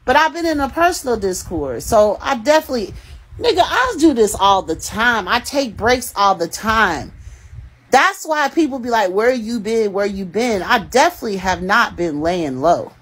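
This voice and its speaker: A woman's voice: a little high, very animated, normal speed, a bit bright, husky. A young adult woman hosting a casual livestream, calling out commenters in a profane, teasing way and laughing between remarks. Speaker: livestream host reading comments.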